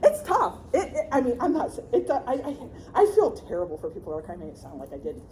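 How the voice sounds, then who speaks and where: A middle-aged woman giving a workshop talk on grief as a counselor, chatty and lively, often checking in with the audience and laughing. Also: fairly high pitch, fast talker, crowd noise.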